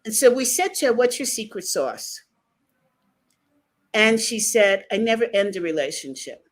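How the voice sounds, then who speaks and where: Animated woman host with lively pitch. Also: moderate pace. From United States. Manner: animated storyteller, laughs often. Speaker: podcast host. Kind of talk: conversational interview.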